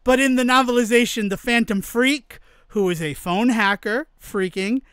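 A man co-hosting a podcast in casual chat, animated, laughing often and acting out quoted exchanges. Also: very high-pitched, normal speed, clear, resonant tone, dry recording, studio quality. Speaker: podcast co-host.

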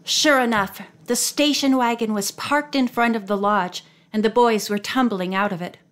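Woman narrating a storybook, fairly high. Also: moderate pace, a bit bright. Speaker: audiobook narrator. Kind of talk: audiobook narration.

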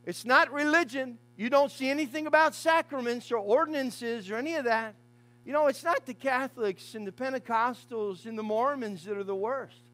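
A man preaching a fiery funeral sermon as pastor in a church, swinging from hushed asides to shouted lines. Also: extremely high pitch, normal speed.

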